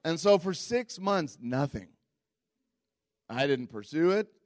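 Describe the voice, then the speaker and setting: A man preaching a sermon as pastor, telling stories in a candid, self-mocking way and jumping into high squeaky voices when quoting people. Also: slow, no echo, studio quality. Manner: animated storytelling, jumps into high squeaky voices for quotes.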